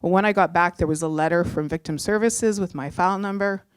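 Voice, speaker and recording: A woman's voice: lowish voice, fairly quick, clear, resonant tone, dry recording, clean studio sound. Heartfelt middle-aged woman telling a story. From Canada. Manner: heartfelt, animated, acts out quoted voices. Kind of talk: live personal storytelling on stage. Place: theatre stage.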